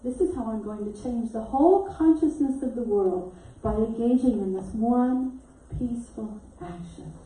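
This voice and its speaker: Warm-toned woman minister in an echoey hall. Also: fairly high pitch, moderate pace, hardly any pauses. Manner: animated storyteller who acts out quotes and laughs often. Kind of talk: storytelling sermon. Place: church sanctuary. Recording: echoey hall mic from a distance.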